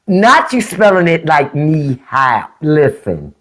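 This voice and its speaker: Blunt, mocking livestream host with a lively voice. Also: male voice, high voice, unhurried, few pauses. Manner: blunt, mocking, profane, talks back to chat comments. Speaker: podcast host on a live stream. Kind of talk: unfiltered political rant to live chat.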